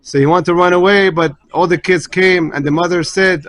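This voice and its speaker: A rabbi in a weekly class tells a long story in a fairly high voice. He is animated and lifts his pitch to speak the children's and the widow's lines. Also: brisk, rough recording. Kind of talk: sermon storytelling.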